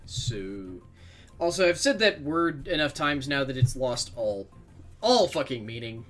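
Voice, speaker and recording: A man streams a video game and chats casually while he plays, rambling, swearing freely, and tossing in self-mocking asides. His voice is medium-pitched and sing-song with a fairly bright tone, and he talks a little slowly over soft background music.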